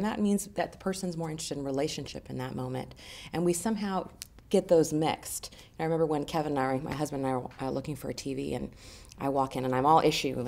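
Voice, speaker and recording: A woman with a noticeably low voice talks through her work as a communications coach. She answers interview questions in an animated, conversational way, explaining ideas with everyday examples.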